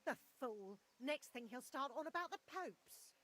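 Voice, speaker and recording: A woman voicing a worried, sharp-tongued village wife in a video game. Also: sits high, lively intonation, a little slow. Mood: exasperated. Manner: exasperated, anxious. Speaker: game character.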